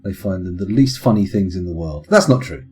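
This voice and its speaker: A man's voice: low voice, lively intonation, a little fast, mellow, soft background music. A man with children, chatting casually and rambling into punning tangents while streaming a game. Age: adult with children. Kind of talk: casual live-stream commentary.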